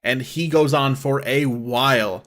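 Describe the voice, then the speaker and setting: A man in casual gameplay commentary who rambles through his explanations and leans on "like" as he goes. His voice sits at a middle pitch and sounds ordinary and relaxed. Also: a little slow. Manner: rambling, heavy use of "like". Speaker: streamer.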